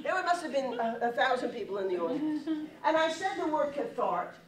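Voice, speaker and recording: Woman speaker, playful storytelling, highish voice, echoey hall, audience noise. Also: lively intonation, brisk, distant mic, a crowd in the background. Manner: storytelling, laughing often, playful. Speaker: speaker on stress and humor. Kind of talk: humorous lecture to a live audience. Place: large lecture hall with audience.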